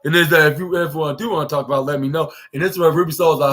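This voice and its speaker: Bright-voiced man rambling through a recap. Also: a little high, fairly even intonation, very fast. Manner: rambling retelling of scenes with acted-out quotes. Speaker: podcast host. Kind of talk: casual wrestling show recap.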